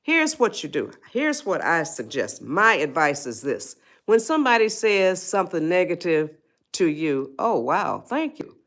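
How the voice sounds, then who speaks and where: A middle-aged woman with a drawl gives folksy life advice on a livestream, speaking to her viewers directly and answering their comments. Her voice sits fairly low but swings widely up and down. She takes her time with unhurried, drawn-out phrasing. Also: sing-song, a bit bright. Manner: folksy, talks straight to viewers, answers chat. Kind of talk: casual motivational livestream talk.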